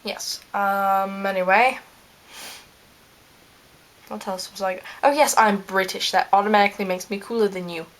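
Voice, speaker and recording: A woman playing a smug, rambling male scientist character in a fan-made in-character video, talking with plenty of ums and trailing pauses. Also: medium pitch, fairly even intonation, a bit bright, lightly acted.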